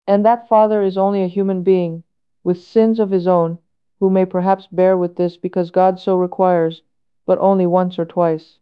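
A woman reading a solemn homily aloud in a measured, earnest way, with many rhetorical questions. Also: medium pitch, steady tone, smooth, highs cut off. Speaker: reader of a sermon.

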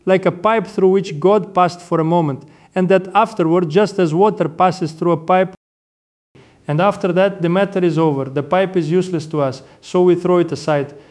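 An older man, an Orthodox monk, giving a sermon with measured, reverent storytelling. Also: sits high, fairly even intonation, darkish tone.

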